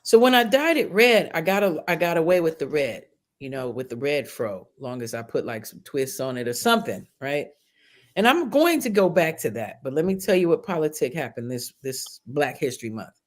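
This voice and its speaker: This low-voiced woman, a teacher by trade, chats casually on a podcast at a normal pace. Her storytelling is lively and full of swearing, and she acts out the people in her anecdotes.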